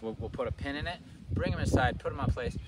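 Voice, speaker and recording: A man working as a dog trainer outdoors, coaching a dog and explaining his steps, swooping into high sing-song praise. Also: quick pace. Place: outdoors in a rural field. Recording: distant mic with loud outdoor noise.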